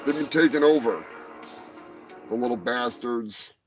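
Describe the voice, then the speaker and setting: A man hosting a live stream, riffing on animal news in a rambling, profane, jokey way, swinging between loud outbursts and muttered asides. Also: medium pitch, unhurried, over music, low-quality recording. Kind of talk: profane comedic news rant.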